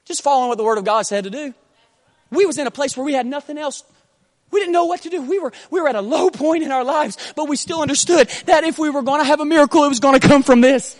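A man preaching a sermon with passion, often building from a hushed tone to shouting and using repeated rhetorical questions. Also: very high-pitched, fast. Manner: impassioned, rises to shouting.

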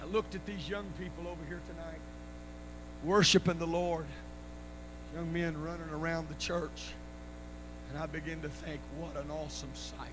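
A man preaching at a revival, telling stories and rising into shouted praise. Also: fairly high pitch, level tone, moderate pace, long pauses. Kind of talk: sermon with stories. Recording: live church recording with noise and hum.

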